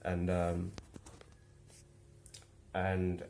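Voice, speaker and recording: A man's voice: low voice, monotone, extremely slow, darkish tone, slight background noise. A young man casually telling a story in a rambling way, with many restarts and chuckles, then musing reflectively. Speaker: vlogger.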